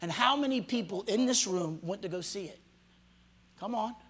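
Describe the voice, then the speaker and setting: A male pastor preaching a sermon to a congregation, swinging from loud shouts to hushed near-whispers and acting out the voices of people he quotes. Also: high-pitched, expressive, normal speed, slightly rough. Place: church hall before a congregation.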